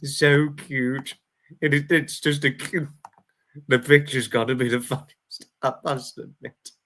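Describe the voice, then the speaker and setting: Giggly guy doing a livestream, reading out chat, slow and bright, keeps cracking up. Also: medium pitch, level tone, a little hiss or hum. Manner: giggly, laughs constantly between words. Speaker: livestream host. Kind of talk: casual chat reading viewer comments.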